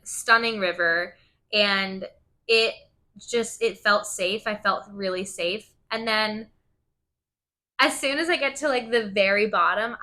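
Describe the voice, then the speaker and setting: Podcast host, woman, bright forward voice, loose chatty storytelling full of "like" and the odd swear word. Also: medium pitch. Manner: casual, swears, lots of "like" fillers; open and emotional in the telling.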